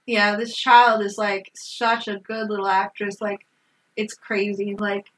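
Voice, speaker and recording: A woman's voice: mid-range voice, level tone, unhurried, fairly bright tone, low-quality recording. A woman co-hosting a casual movie recap, blunt and laughing often, swearing freely.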